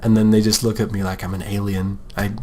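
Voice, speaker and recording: He talks fast, in a level, lowish voice with a dark tone, and a little hiss or hum sits under the audio. He's a young American art podcast host chatting casually as he draws, joking and rambling about art and his name and frequently putting on other people's voices.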